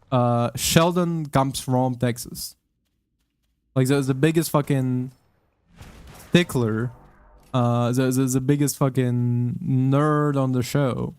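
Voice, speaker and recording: A man's voice: medium pitch, clean tone, no echo. Rambling, profane young man gaming. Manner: rambling, profane, many fillers and restarts. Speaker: gamer commenting while playing. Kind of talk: casual gaming commentary. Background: faint game music.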